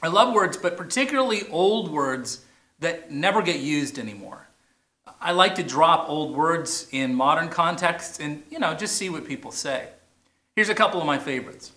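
Casting: male pastor, bright forceful voice, playful sermon delivery, echoey hall. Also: on the high side, lively intonation. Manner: playful, drawn-out emphasis on key words. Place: large church or plaza. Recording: echoey, roomy sound.

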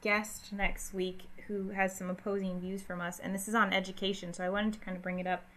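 A woman talks in a casual, opinionated style and leans hard on her points. Her voice sits at a middling pitch for a woman, and she runs the talk as a co-host. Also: little pitch movement, a little fast, a bit bright. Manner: opinionated, emphatic. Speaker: podcast co-host. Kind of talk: casual political chat.

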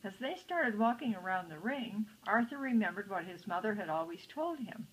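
A woman's voice: medium pitch, animated, moderate pace, a bit bright, breathy edge, poor audio. An older woman reading a picture book aloud to children, adding chatty asides to the listeners. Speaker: storytime reader.

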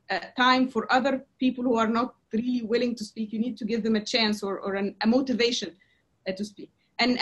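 A woman teaching presentation skills in a lecture, talking in a halting way with many fillers and restarts. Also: on the high side, a little hiss or hum. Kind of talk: lecture to a class.

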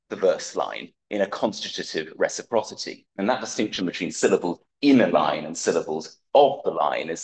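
A man giving a conference talk, reading an academic paper aloud in a measured, precise way with dry wit. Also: low voice, poor audio. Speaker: conference speaker.

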